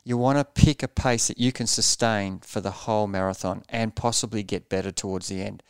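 Smooth low-voiced coach explaining. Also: male voice, steady tone, fairly quick, no echo, clean studio sound. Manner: earnest, explanatory, repeats words as he thinks. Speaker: triathlon coach. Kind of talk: podcast interview answers.

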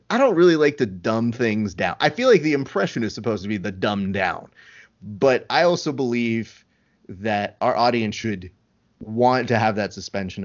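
A man talking as a podcast guest in casual chat, teasing with a dry, deadpan humor. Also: mid-range voice, lo-fi sound.

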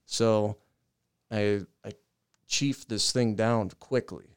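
A young man on a podcast, telling a long profane story in a casual, animated way and laughing as he goes. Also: fairly low pitch, slow pace, smooth. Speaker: podcast co-host.

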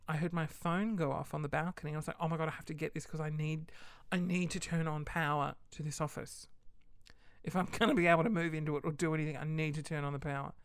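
A young woman telling a story in a casual vlog, animated, swearing freely and laughing often. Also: lowish voice, no room sound, studio quality. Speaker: vlogger.

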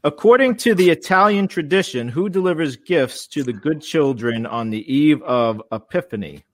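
A man's voice: on the high side, lively intonation, moderate pace, fairly bright tone, no echo. A man co-hosting a podcast, reading trivia questions in casual chat and mumbling at the ends of sentences.

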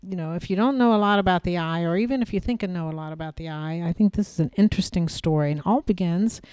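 A woman hosting a podcast, telling a personal story in a measured way, pausing often and repeating phrases for emphasis. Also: on the low side, a little mellow, clear, resonant tone, no echo. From United States. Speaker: podcast host.

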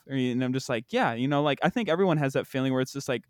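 A man's voice: mid-range voice, expressive, fast talker, few pauses, no room sound, clean studio sound. A young man chatting on a comedy podcast, laughing often and saying "bro" and "dude" a lot. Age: young adult. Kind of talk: casual comedic chat.

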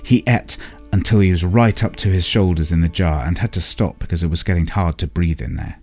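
A man narrating a bedtime story in a calm, unhurried way. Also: low voice, no echo, soft background music.

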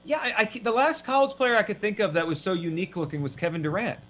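Guy hosting a sports podcast, bright tense voice, rambly and animated. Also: high voice, fast. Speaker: podcast host. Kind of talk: casual sports chat.

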